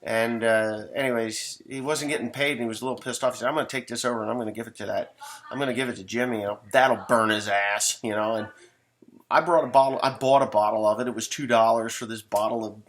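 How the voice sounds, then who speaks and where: A man's voice: mid-range voice, steady tone, fast, fairly bright tone. A middle-aged man, a farmer, telling a rambling, folksy story in casual talk, swearing now and then.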